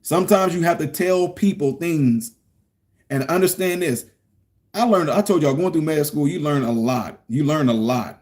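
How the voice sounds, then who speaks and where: Middle-aged guy ranting on camera, kinda high voice, preachy and repeats himself a lot. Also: normal speed, a little mellow. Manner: emphatic, preachy, repeats points. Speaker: political commentary vlogger. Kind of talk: casual commentary rant.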